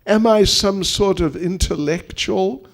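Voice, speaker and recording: A man's voice: sits high, slow, voice pushed up. A man voicing a teasing divine prince. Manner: pleading, emphatic questioning. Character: divine young male cowherd prince, teasing and earnest. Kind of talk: acted quotes within a sermon.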